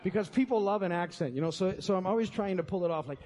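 A male pastor preaching in an easy, conversational way, full of asides and restarts. His voice sits high for a man. The room gives it a long, hall-like reverb. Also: quick pace, hardly any pauses, darkish tone. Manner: conversational, folksy, with many fillers and restarts. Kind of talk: sermon.

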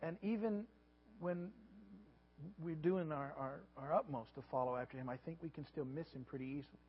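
Man, pastor, sermon, animated, repeats words, muffled lo-fi recording, long hall reverb. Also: fairly high pitch, a little fast, husky. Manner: animated, repeats words, acts out disciples' voices.

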